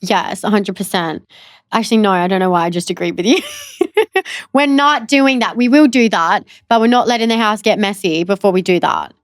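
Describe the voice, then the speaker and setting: A young woman co-hosting a podcast, chatting casually and quickly, laughing often. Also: mid-range voice, no room sound, clean studio sound. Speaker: podcast co-host. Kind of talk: casual chat.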